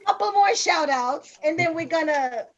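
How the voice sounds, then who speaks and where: A woman hosting a live video chat in a lively, playful, teasing way. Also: very high-pitched, moderate pace. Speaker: host. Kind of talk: casual live-stream chat. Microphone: video call. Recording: dull lo-fi audio.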